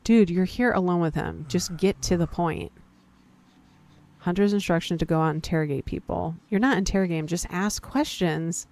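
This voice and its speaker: A woman's voice: fairly low pitch, fast talker, hardly any pauses, a little mellow. A woman casually commenting as she plays a story game, reading its text aloud, talking to herself and her viewers, and reacting with surprise. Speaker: gaming video host.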